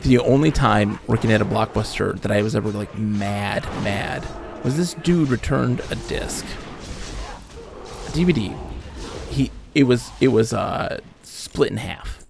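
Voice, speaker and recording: A man in his late thirties, a streamer telling casual stories while he plays a game, animated, acting out the people he quotes and swearing casually. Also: on the low side, measured pace, creaky, noisy background. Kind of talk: casual storytelling while gaming. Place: home streaming setup.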